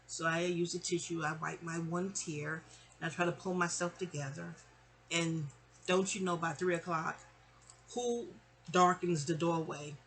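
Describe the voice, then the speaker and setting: A middle-aged woman from New York telling a long personal story in a chatty, animated way, slipping into other people's voices. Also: lowish voice, unhurried. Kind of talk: casual storytime monologue.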